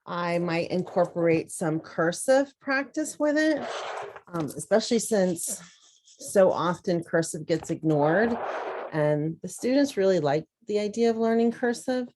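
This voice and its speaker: A woman teacher, slowly and carefully sounding out words in an instructional demonstration. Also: on the low side, animated, background noise. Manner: slow, deliberate, sounding out words.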